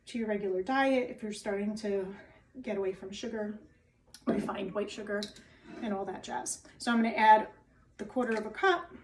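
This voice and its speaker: A woman's voice: medium pitch, darkish tone, distant mic, poor audio. Chatty New Jersey woman in her kitchen. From New Jersey, USA. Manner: chatty, keeps tagging lines with "okay?". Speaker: wellness cooking host. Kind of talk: casual cooking demo to camera. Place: home kitchen, indoors.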